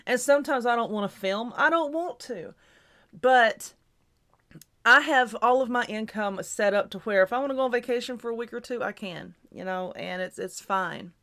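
A woman's voice: on the high side, normal speed, fairly bright tone. A woman hosting her own show, giving casual, reassuring advice in a chatty, repetitive way while stifling hiccups. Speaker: YouTuber and podcast host.

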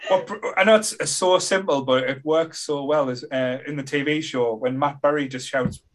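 A man hosting a casual podcast chat, relaxed and affirming, chuckling often. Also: on the high side, moderate pace. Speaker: podcast host.

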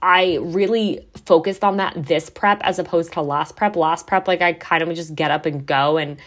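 Chatty young woman, lowish voice. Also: steady tone, moderate pace, a bit bright. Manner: chatty, heavy use of "like", swears casually. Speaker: podcast host. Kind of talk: casual podcast monologue.

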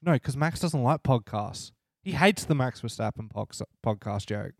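A man's voice: medium pitch, lively intonation, normal speed, dry recording, studio quality. A man co-hosting a podcast, grumbling and swearing in casual chat. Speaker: podcast co-host.

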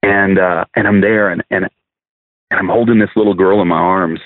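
A man's voice: low voice, fairly even intonation, moderate pace, no room sound. A man, a minister, earnestly telling a testimony as a podcast guest, often restarting and repeating words. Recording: dry, phone-like narrow sound.

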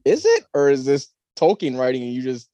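A man's voice: mid-range voice, fairly even intonation, a little fast, mellow, dry recording, muffled recording. Man chatting loosely, dry sound. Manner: rambling, leans on "like" as filler. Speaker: podcast co-host. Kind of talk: casual chat.

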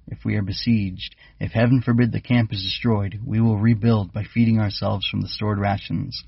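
A man's voice: fairly low pitch, gravelly, slightly rough, dry recording, highs cut off. Een man speelt een wijze, gevleugelde insectenleraar met een lage, krakerige en wat hese stem, die zijn lessen afgemeten en onderwijzend brengt. De opname klinkt dof en droog, met weinig hoogte. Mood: earnest. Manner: measured, instructive. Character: wise winged bug teacher, calm. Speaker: keeper instructing cadets.

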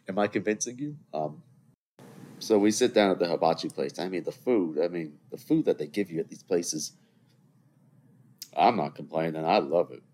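A man's voice: low-pitched, normal speed, pauses often, darkish tone, a little hiss or hum. A man in his twenties hosting a solo podcast, rambling chattily with joking asides to his listeners. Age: 20s. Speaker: podcast host. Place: seated at a computer indoors.

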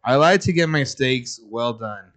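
A man's voice: medium pitch, expressive, unhurried, fairly bright tone. A man co-hosting a podcast in a laid-back way, swearing a lot and laughing often with his friends. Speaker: podcast co-host. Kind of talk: casual chat.

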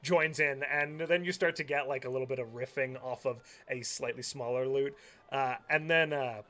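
A man's voice: medium pitch, steady tone, normal speed, pushed and bright. A man narrating a tabletop game as game master, describing scenes with many fillers.

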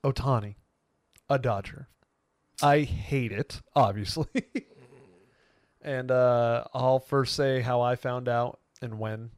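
A man's voice: mid-range voice, dry recording, studio quality. A young man co-hosting a podcast, chatting casually and animatedly, often laughing. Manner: animated, laughs often, talks fast when excited. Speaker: podcast co-host.

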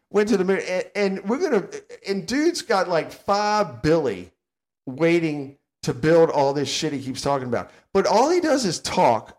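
A man's voice: fairly high pitch, sing-song, measured pace, darkish tone. An older man, co-hosting a casual podcast and ranting bluntly and sarcastically. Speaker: podcast co-host.

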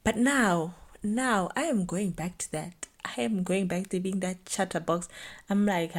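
A young woman talks through a solo podcast episode. Her voice sits a little low for a woman, and she rambles in a chatty, reflective way, filling her sentences with "like" and "you know". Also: normal speed. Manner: chatty, reflective, animated storytelling with lots of "like". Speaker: podcast host.

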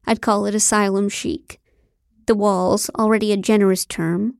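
A woman narrating a comic novel in the first person, with a deadpan, wry delivery. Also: mid-range voice, creaky, no room sound, clean studio sound. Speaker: audiobook narrator.

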